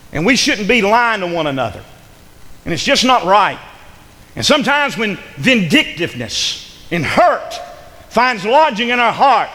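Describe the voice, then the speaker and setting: A man's voice: high-pitched, pushed and bright. A male pastor preaching a sermon in a church, calling out for amens and building to fervent emphasis. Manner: preaching with rising fervor, call-and-response amens. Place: church sanctuary. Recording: long hall reverb.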